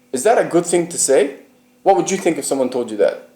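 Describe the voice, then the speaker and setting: A man's voice: fairly high pitch, expressive, brisk, warm tone, roomy sound. A man from the United Kingdom telling his personal story in an interview, emphatic and profane, often asking the listener whether he is right.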